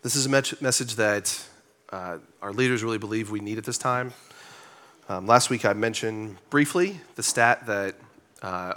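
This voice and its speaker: A man, a church elder and pastor, preaching a sermon from a church stage in a relaxed, joking, conversational way with lots of filler words. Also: on the low side.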